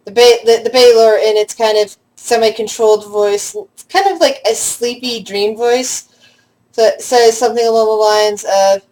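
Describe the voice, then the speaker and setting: Halting woman game master. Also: a little high, fairly even intonation, darkish tone, low-quality recording. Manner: halting, many restarts and fillers. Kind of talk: narrating a tabletop role-play game.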